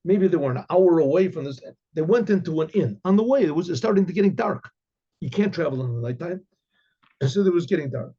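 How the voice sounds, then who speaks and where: A man, a rabbi, telling a religious story in a halting way with many restarts and frequent throat-clearing. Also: fairly high pitch, lively intonation, muffled recording. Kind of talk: oral storytelling.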